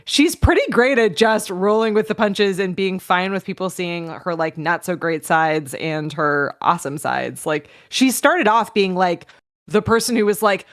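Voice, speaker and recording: A woman's voice: lowish voice, measured pace. A woman guest on a podcast chatting casually, with lots of "like"s and frequent laughter. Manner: chatty, many "like"s, laughs often. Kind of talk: casual chat.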